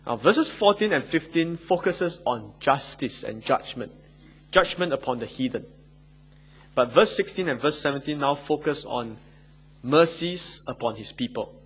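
A man delivering a sermon with a somewhat husky, slightly high voice. He leans hard on key words for emphasis and drops into easy conversational asides. Expressive and earnest throughout. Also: measured pace, low-quality recording. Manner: emphatic, rising and falling between quotes and asides. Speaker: preacher.

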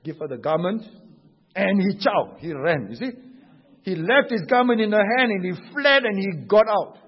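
A Singaporean pastor preaching a sermon, telling stories in an animated way and tagging his sentences with "huh?" and "you know". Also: high voice, normal speed, breathy edge. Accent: Singaporean English. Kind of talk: sermon with anecdotes. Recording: dull echoey hall recording.

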